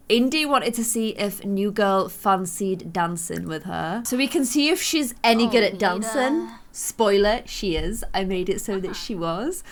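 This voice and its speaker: A woman in her twenties giving casual, bubbly gameplay commentary, chatting with her viewers and sounding a bit stuffy and sneezy. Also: mid-range voice. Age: 20s. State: congested and sneezy. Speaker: gaming YouTuber.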